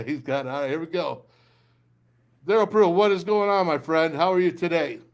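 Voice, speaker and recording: A man's voice: on the high side, unhurried, gravelly. Fired-up older man hosting sports talk. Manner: fiery, rambling, pep-talk delivery. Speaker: sports talk show host.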